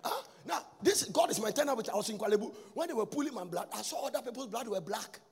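A man preaches with a very high, gravelly voice, shouting and half-singing his lines and repeating them for emphasis. His voice rings with a long reverb through the church. Faint music plays underneath. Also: lively intonation, fast talker. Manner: fervent preaching that swings between shouted and sung phrases and repeats lines. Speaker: pastor. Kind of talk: sermon.

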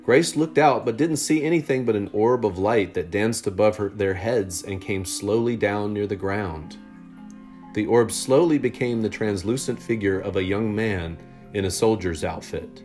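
Male storybook narrator, low voice, steady and measured, faint guitar behind. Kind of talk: storytelling read-aloud.

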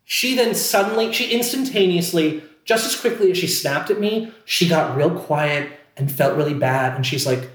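Guy rambling through a story, lots of likes, kinda high voice, echoey room. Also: expressive, moderate pace, few pauses. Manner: rambling, heavy on "like" and restarts. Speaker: podcast co-host telling a story. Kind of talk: casual storytelling.

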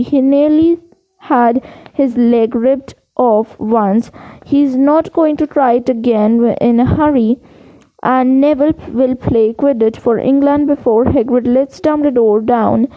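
Woman voicing a relaxed teen boy wizard, high voice, reassuring, dull lo-fi sound. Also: unhurried. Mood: easygoing. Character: cheerful laid-back teenage boy wizard. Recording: dull lo-fi recording.

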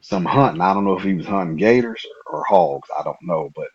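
A man from Nebraska, a podcast guest, telling a story in an animated way, laughing often and acting out the dialogue. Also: low voice, fast, vocal fry, dull audio. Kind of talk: casual storytelling.

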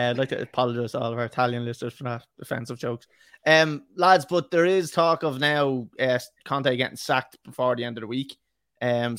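A man's voice: medium pitch, fairly bright tone, no echo, clean studio sound. Teasing man hosting a chat. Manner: teasing, laughing, filler-heavy. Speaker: podcast host. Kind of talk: casual chat.

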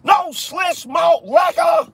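A man doing a shrill, shouting indignant old man. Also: huge pitch swings, takes it slowly, creaky, exaggerated voice. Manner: loud, high-pitched, scolding.

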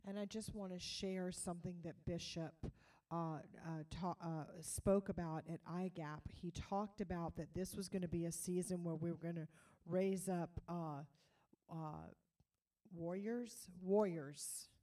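Woman, church remarks, hesitant, mellow, distant mic. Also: lowish voice, steady tone, measured pace. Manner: hesitant, many fillers. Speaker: minister.

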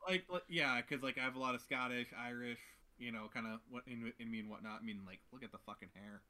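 A man's voice: medium pitch, fast, sharp tone. A man, a guest on a casual podcast, talking hesitantly with many restarts and jokes. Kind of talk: casual chat.

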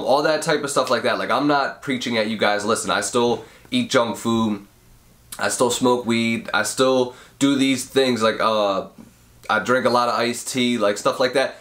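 A man's voice: mid-range voice, steady tone, moderate pace, fairly bright tone. A young man hosting a casual advice podcast while sick with a cold, sniffling and nasal, talking through a mouth he can't fully open. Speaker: podcast host.

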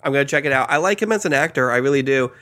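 A man co-hosts a casual podcast in a bright, forward tone. He is easygoing and quick with short quips. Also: mid-range voice, expressive. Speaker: podcast co-host.

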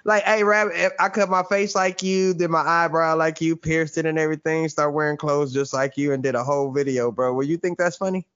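A man's voice: fairly high pitch, steady tone, a little fast, few pauses, a bit bright, clear, resonant tone, highs cut off. A man co-hosting a podcast, talking bluntly and joking in a casual group chat. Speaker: podcast co-host.

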